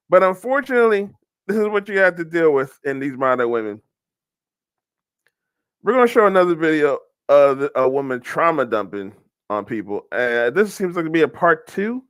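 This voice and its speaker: A man's voice: fairly high pitch, animated, a little fast, a bit bright, clean tone, no echo, studio quality. A young man hosting a casual commentary, telling a rambling story with frequent restarts. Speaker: host.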